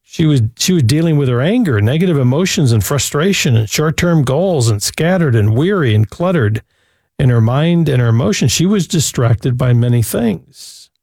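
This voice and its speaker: A man's voice: fairly high pitch, animated, normal speed, a little mellow, no room sound, clean studio sound. A man hosting a Christian call-in radio show, talking in an earnest, preacherly way and often repeating a word as he starts a thought. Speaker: radio talk show host.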